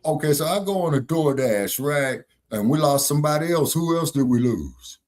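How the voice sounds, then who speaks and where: A man's voice: a little high, moderate pace. A man hosting a live online talk show, telling a rambling, profane story and acting out both sides of the arguments. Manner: animated, swearing, acts out both sides of arguments. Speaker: show host.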